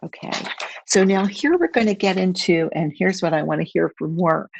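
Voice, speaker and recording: A middle-aged woman presenting a webinar as a public speaking trainer, measured and instructive, repeating key phrases. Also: lowish voice, gravelly, muffled recording. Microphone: video call.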